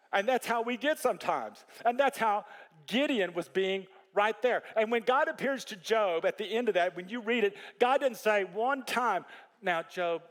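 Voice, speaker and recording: A man preaching a sermon as a pastor, telling the story in an animated way that climbs high when he stresses a point. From Texas.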